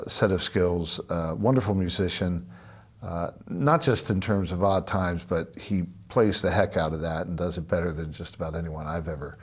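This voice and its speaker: Very low-voiced man teaching drums. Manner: relaxed, chatty, many filler "uh"s. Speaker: drum instructor. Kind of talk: spoken music lesson.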